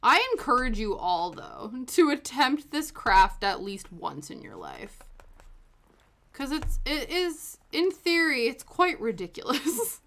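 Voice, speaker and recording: A young woman chatting casually while she crafts on a stream, self-deprecating and quick to laugh, with soft music playing behind her. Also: on the high side, wildly swooping pitch, vocal fry. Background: soft background music.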